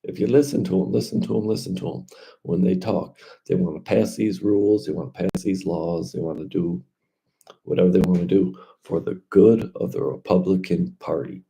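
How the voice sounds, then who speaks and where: A man's voice: deep voice, fairly even intonation, moderate pace, vocal fry, dark tone. A man talking casually and loosely in slangy speech, drifting from point to point in a vlog monologue. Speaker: crypto vlogger.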